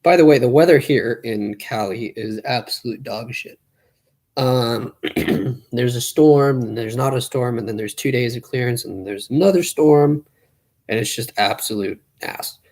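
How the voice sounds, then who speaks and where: A young man chatting casually on a live stream, rambling quickly and running out of breath as he talks. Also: mid-range voice, a little mellow.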